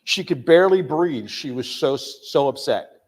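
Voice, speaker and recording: An older man from the United States giving a candid recovery testimony, telling his story with frequent pauses and fillers. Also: a little high, animated. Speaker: recovery speaker.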